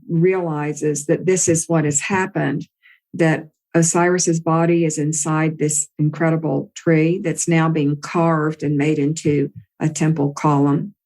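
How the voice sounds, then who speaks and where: A woman spiritual teacher telling a myth in a gentle, unhurried, storytelling way to a group. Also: deep voice. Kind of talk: storytelling talk.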